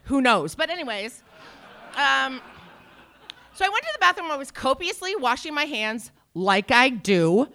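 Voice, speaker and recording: A woman in her forties telling a brash, profane stand-up story, swinging from low mutters to shouts. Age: 40s. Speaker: stand-up comedian.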